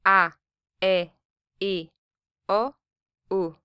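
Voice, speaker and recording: Female pronunciation model, very slow and deliberate, bright and smooth tone, dry studio sound. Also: mid-range voice, steady tone, no echo. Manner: slow, deliberate, clearly articulated. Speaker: native speaker model for pronunciation.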